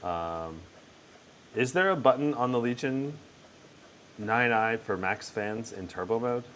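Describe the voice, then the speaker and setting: A man's voice: medium pitch, animated, measured pace, a bit bright, a little hiss or hum. A man hosting a live tech stream, casually commenting on gameplay while answering chat questions. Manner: casual, thinking aloud with fillers.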